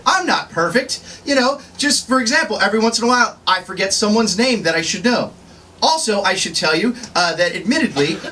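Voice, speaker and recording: Brash grown-up Tiny Tim, played by a man, corny live comic with a bouncy delivery; recorded from afar in a bookstore over a loud crowd. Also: high voice, far from the mic. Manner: hammy corny stand-up with punchlines. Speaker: stand-up comedian. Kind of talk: live character stand-up. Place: bookstore, indoors.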